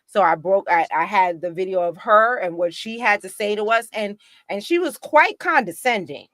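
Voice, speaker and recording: A woman talking in a casual political discussion, animated and indignant, with many restarts. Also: medium pitch, normal speed, no echo, clean studio sound. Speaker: guest activist.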